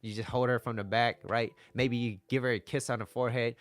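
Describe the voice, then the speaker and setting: A man's voice: mid-range voice, steady tone, a little fast. A man talking casually as a dating coach, coaxing and conversational, often repeating himself. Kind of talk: casual advice talk to camera.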